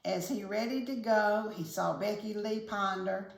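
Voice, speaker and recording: A woman reading a picture book aloud to children, with gentle, chatty asides. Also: medium pitch, steady tone, unhurried, vocal fry. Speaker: children's story reader. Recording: echoey room, faint hiss.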